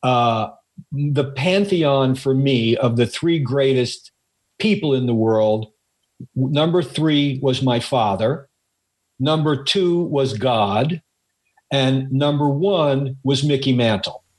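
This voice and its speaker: Older male co-host from New York City; an animated storyteller with a middle-range voice who leans on dramatic pauses. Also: mid-range voice. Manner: animated anecdote teller, slows down for emphasis. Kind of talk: casual chat, storytelling.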